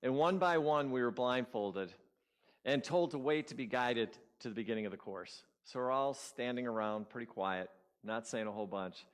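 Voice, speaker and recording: A man's voice: mid-range voice, normal speed. Man telling a story in a sermon. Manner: animated storyteller, acts out his inner voices. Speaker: guest speaker at a spiritual community.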